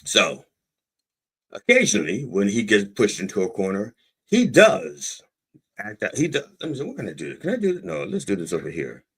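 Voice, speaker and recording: In a casual podcast monologue, a man with a lowish, fairly bright, slightly rough voice swoops wildly in pitch while speaking at normal speed. He wanders off on tangents, rambling and cutting himself off.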